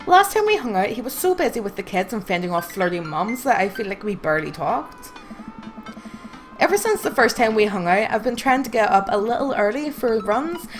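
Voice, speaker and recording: A woman's voice: on the high side, big pitch swings, fairly quick, soft background music. A young woman streaming a game live, reading the dialogue aloud and commenting in a sardonic, swearing way.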